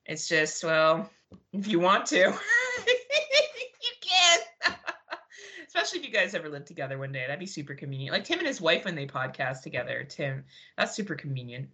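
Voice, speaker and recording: A woman co-hosting a horror podcast in loose, casual chat. Her voice is bright and forceful, her pitch swings in a lively way, and she laughs and swears freely. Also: normal speed. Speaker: podcast co-host.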